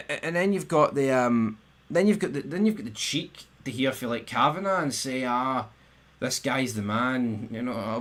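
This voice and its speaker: A man's voice: medium pitch, fairly bright tone. A young Scottish man ranting on a live stream, swearing, tripping over restarts, and his voice jumping up sharply when riled. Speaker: football fan live-streamer. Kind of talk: angry live-stream rant.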